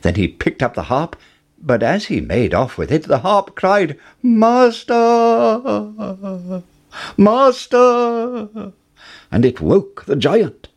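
A man narrating a fairy tale in a storybook reading, slow and expressive. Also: mid-range voice, husky.

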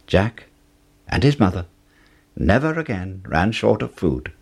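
A man narrating a fairy tale in an expressive, sing-song storybook manner. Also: on the low side, measured pace, creaky, breathy edge.

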